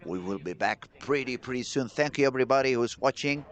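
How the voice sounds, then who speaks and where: Excitable male bowling commentator. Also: mid-range voice, brisk. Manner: excitable, chatty, talks to the chat. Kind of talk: live sports commentary.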